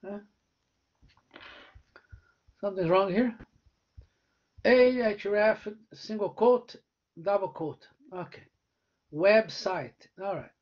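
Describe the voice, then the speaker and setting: Male professor, unhurried live-coding lecturer who checks in after each step, dull low-fi recording. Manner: talks through code step by step, often asking "né?" or "right?".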